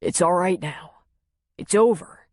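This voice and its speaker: A woman narrator voicing a steady, protective grown man with a firm, commanding way of talking in an audiobook. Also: on the low side, normal speed, breathy edge, no room sound, studio quality. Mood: gentle. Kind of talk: audiobook character voice.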